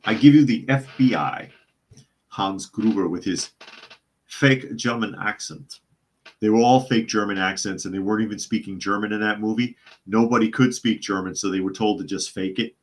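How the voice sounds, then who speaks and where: A man's voice: lowish voice, steady tone, normal speed. A man hosting a live news podcast, reading out reports and chat comments and answering them with sardonic remarks. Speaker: podcast host.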